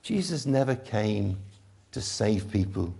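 A man preaching an Easter sermon, emphatic and swinging between loud and hushed delivery. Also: on the low side, expressive, slow pace, vocal fry, husky. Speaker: pastor.

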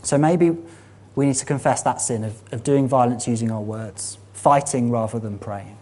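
A man preaching a sermon, earnest and emphatic, building to animated exhortation. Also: medium pitch, moderate pace.

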